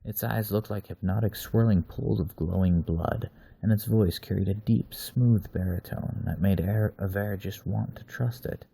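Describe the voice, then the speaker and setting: A man reading a dark story aloud with slow, measured narration. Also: on the low side, fairly even intonation, creaky, husky, dry recording.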